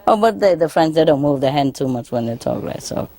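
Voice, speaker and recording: A woman's voice: sits low, expressive, a little fast, dark tone. A woman telling jokes in a lecture, often chuckling and asking the audience questions. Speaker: spiritual teacher lecturing an audience. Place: lecture hall in Paris.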